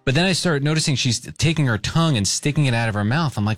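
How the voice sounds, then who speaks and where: A man's voice: medium pitch, fast talker, dry recording. A man hosting a radio show, telling a story in casual chat and acting out the voices of the people in it. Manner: animated, acts out quoted voices.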